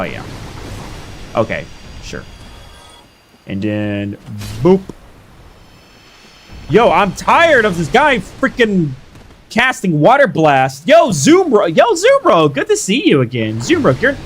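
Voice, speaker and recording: A young man streaming a game live, hyping up his fights and chatting casually with viewers. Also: mid-range voice. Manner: excitable, hyped shouts while fighting.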